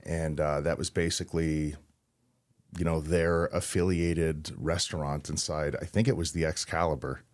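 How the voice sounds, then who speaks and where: A man in his thirties, a wrestler and interview guest, telling stories in a relaxed, anecdotal way with laughs between lines. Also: extremely low pitch, normal speed. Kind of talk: casual interview storytelling.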